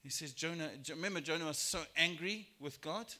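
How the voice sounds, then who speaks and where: A man preaching a sermon in church, lively and expressive, acting out biblical characters in raised voices. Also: a little fast. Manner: animated, acts out quoted voices with rising pitch and volume. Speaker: pastor. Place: church sanctuary.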